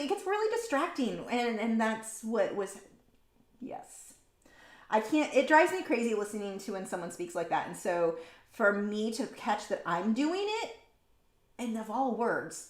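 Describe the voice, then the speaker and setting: Chatty woman livestream host, echoey room. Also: fairly high pitch. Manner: chatty, rambling, many ums, reads comments aloud. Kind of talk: casual chat while painting, reading comments.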